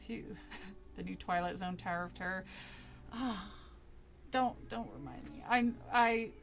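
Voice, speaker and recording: A woman's voice: medium pitch, unhurried, music in the background. A woman streamer reading a spooky book aloud with casual asides to chat, laughing often and swearing freely.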